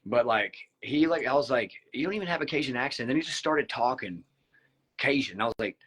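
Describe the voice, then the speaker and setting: Appalachian male musician guest, mid pitch, jokey and profane, on a video call. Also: fairly quick, slightly rough, rough recording. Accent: Southern US, Appalachian. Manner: relaxed, joking, swears freely. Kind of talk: casual chat. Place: his barn, indoors.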